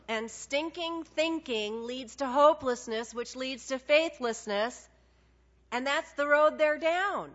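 A woman preaching a sermon, animated and conversational, acting out little dialogues with God. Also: sits high, slow. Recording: dull lo-fi sound.

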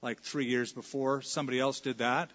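A man's voice: medium pitch, steady tone, a little fast, a bit bright. Man preaching in an echoing hall. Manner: conversational preaching, acts out scripture dialogue. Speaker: pastor. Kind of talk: sermon. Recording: reverberant hall, dull lo-fi sound.

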